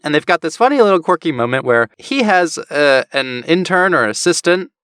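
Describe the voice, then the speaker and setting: A man co-hosting a podcast, recapping a book in a casual chat with an animated, laughing delivery. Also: a little high, moderate pace, clear, resonant tone, no room sound, clean studio sound. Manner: animated storytelling, frequent laughter. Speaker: podcast co-host.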